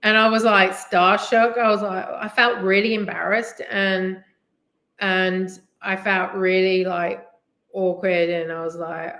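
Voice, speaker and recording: A woman's voice: lowish voice, moderate pace, pushed and bright. A middle-aged woman from England with an English accent, chatting casually on a live stream in a rambling way, full of "like" and "you know". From England, West Midlands. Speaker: live-streaming delivery driver. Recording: roomy echo.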